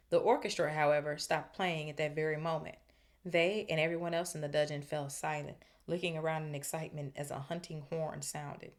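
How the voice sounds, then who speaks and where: Low-voiced woman reading aloud, chatty asides. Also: steady tone, fairly quick. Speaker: podcast host reading aloud. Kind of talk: book reading with casual commentary.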